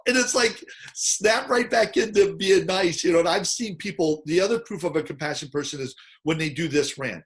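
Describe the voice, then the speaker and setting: Man, host, casual chat, animated storyteller, slightly high voice. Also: fairly quick.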